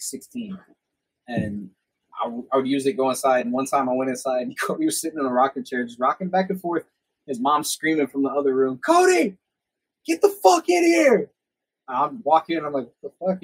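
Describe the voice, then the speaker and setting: Husky young man telling stories. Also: medium pitch, low-quality recording. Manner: swears a lot, rambling anecdotes. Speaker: podcast host. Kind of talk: casual storytelling chat.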